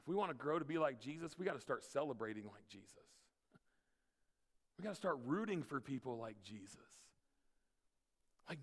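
A man with a fairly high, slightly bright voice preaches as a pastor in a church sanctuary, where a long hall reverb fills the recording. His sermon is conversational, weaving scripture together with playful asides.

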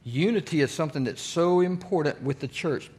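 Male pastor with a slightly high voice, conversational teaching sermon that draws in the congregation. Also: a little fast, darkish tone. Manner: conversational, asks the congregation questions.

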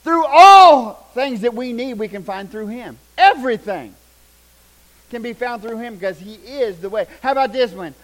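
Folksy older preacher, high-voiced. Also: male voice, moderate pace, low-quality recording. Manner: folksy, animated, shouts punchlines, drops to hushed tones. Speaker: pastor. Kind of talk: sermon with storytelling.

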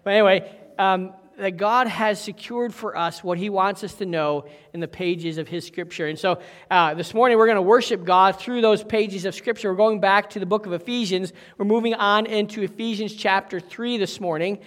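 A man's voice: high-pitched, moderate pace, fairly bright tone. A middle-aged male pastor preaching a sermon in a folksy, chatty way, with many asides and okays. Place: church sanctuary. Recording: echoey hall.

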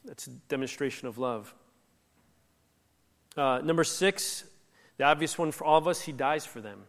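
A man's voice: on the high side, normal speed, a bit bright. Conversational male pastor in an echoing hall. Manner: conversational, emphatic, acts out quoted lines. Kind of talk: sermon. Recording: echoey hall reverb.

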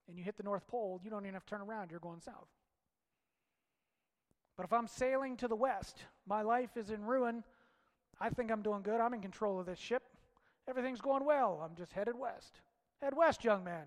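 Male preacher, high voice, impassioned delivery in a reverberant hall. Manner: impassioned, swings from loud shouts to hushed low lines. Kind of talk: sermon.

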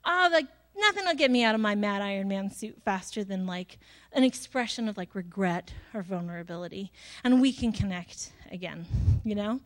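A woman's voice: mid-range voice, expressive, moderate pace. A woman in her thirties, a pastor giving a casual, chatty sermon with lots of fillers and self-deprecating asides.

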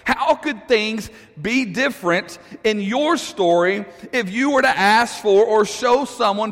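High-voiced preacher in a reverberant hall. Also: male voice, a bit bright. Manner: conversational, asks the audience questions, chuckles. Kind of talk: sermon storytelling.

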